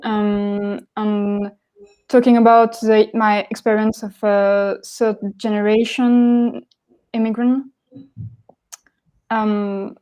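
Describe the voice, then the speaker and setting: A young French woman talks about her graphic novel on a panel, speaking earnestly in English with pauses and fillers. Her voice is soft and mellow at a middling pitch. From France. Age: 20s. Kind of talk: panel discussion answer.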